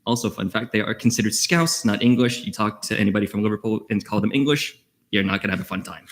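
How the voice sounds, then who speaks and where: A man's voice: lowish voice, fast, fairly bright tone. A young man giving a chatty, joking committee report at a student government meeting, with quips and trivia asides. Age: young adult.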